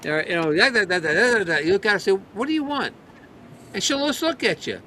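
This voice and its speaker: Male, high-pitched, rambling storyteller in a casual chat, faint rumble behind. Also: big pitch swings, rapid-fire, pushed and bright. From rural farm background. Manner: rambling storyteller, mimics his dogs.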